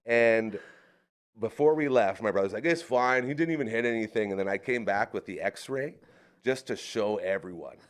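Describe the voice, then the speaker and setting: A man tells stories in a relaxed podcast chat. His voice sits low, and he brings the story to life by acting out the other people in it. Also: normal speed. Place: studio of a live podcast.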